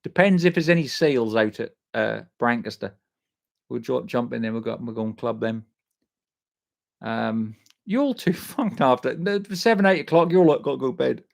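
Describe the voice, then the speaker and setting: A man with a gravelly, rough-edged voice sitting at an ordinary middle pitch. He hosts a live stream in a loose, sweary, matey way, reading viewers' comments aloud and answering each one by name. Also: lively intonation, normal speed, a little mellow. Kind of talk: casual live chat.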